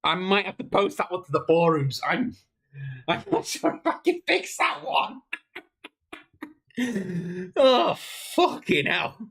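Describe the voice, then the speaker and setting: Her voice is on the low side, husky and fairly bright, animated yet slow, with long pauses, as she livestreams her game development. She chats casually, cursing and laughing helplessly while working things out aloud.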